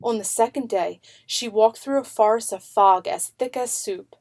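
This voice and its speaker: A woman narrating a children's picture book in an unhurried, expressive way. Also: fairly high pitch.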